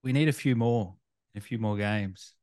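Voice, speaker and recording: A man with an Australian accent, hosting an interview in a relaxed, jokey way and laughing easily. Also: on the low side, moderate pace. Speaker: interview host. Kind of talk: casual interview chat.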